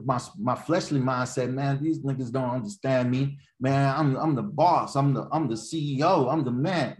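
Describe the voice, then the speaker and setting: An older man preaching a sermon, teaching conversationally with restarts and "right?", then building to loud, high exhortation. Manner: repetitive, stumbles and restarts, asks "right?".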